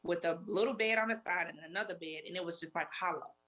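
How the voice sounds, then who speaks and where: Halting woman in her forties recounting. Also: lowish voice, a bit bright. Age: 40s. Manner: halting, repeats herself, retells with many "I said". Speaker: guest. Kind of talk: emotional interview testimony.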